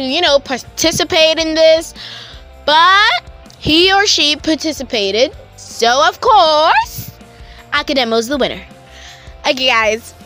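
A young woman YouTuber giving a gushing, affectionate shout-out to her viewers in a casual vlog. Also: high-pitched.

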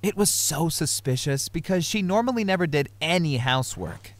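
A man playing a wronged teenage boy narrating his own animated story, earnest and aggrieved. His intonation rises and falls in a lively way, and the recording is dry and close. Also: a little high, moderate pace, no room sound, close to an everyday voice.

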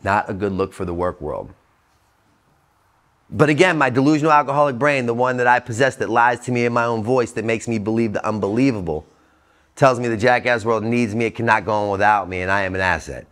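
A man in his forties speaking to an audience at a treatment center, blunt and profane, swinging between loud emphatic bursts and low quiet asides. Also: fairly quick. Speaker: motivational speaker. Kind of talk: recovery talk to an audience.

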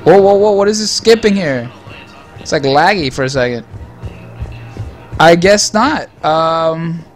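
A man's voice: a little high, animated, unhurried, pauses often, soft background music. A young man giving profane, mocking commentary over a video game he is playing. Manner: crude, mocking asides to the game. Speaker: gameplay commentator. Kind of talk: profane let's-play commentary.

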